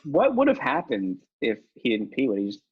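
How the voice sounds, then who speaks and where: A man with a husky, breathy voice talks through a casual podcast chat, rambling and self-mocking, and he often restarts and laughs. The recording is dull and lo-fi, with a very dry sound and no room. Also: medium pitch, wildly swooping pitch, brisk, dry recording. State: new father. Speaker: podcast guest.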